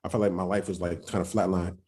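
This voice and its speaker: Man, very low voice, mellow tone, casual halting storytelling. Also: level tone. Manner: loose, halting, with many restarts and street slang. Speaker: podcast guest.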